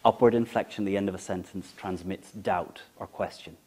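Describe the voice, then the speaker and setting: A man coaching public speaking, lecturing emphatically with deliberate pauses and demonstrating vowels and inflection. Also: low voice, steady tone, dark tone.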